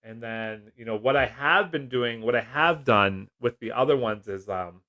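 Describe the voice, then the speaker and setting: Man, middle-aged, relaxed live-stream host who jokes and chats with viewers. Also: mid-range voice, moderate pace. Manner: chatty, jokey, laughs often, reads comments aloud. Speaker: livestream host. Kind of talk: casual live-stream chat.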